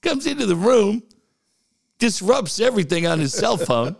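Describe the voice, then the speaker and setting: A middle-aged man co-hosting a podcast, telling stories in casual chat, animated and profane, often laughing as he talks. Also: sits high, normal speed, creaky. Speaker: podcast co-host.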